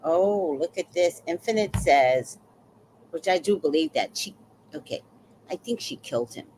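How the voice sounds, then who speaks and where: Brief: woman livestreamer, slow, unhurried talk with big swings in pitch, emotional storyteller. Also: animated, mellow, a little hiss or hum. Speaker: livestream host. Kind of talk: casual livestream talk, reading chat.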